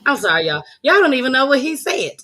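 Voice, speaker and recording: A woman's voice: sits high, big pitch swings, fast, a bit bright. A woman hosting a casual chat show, talking loosely and laughing as she speaks straight to her viewers. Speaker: host.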